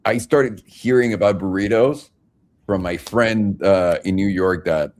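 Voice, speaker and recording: A man from Mexico telling animated stories in casual banter, swearing freely. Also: on the low side, measured pace.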